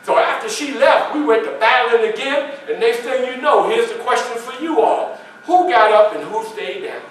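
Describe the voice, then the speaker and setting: A man in the role of a historical figure tells his own story to listeners in a library meeting room, folksy in manner, quizzing them and impersonating the other people involved. His very high voice keeps a moderate pace. The recording is echoey, from a distant camera, and has a little hiss or hum.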